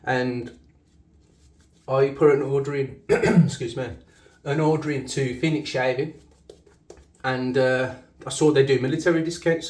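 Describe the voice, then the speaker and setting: A man with a broad Black Country accent talks casually as he shaves, rambling and correcting himself with easy laughs. His voice sits at an ordinary middle pitch. The sound bounces around a small echoey bathroom. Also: a little mellow, distant mic. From Black Country, England. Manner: chatty, self-correcting, laughs easily. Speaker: shaving channel host. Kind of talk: casual rambling shaving commentary.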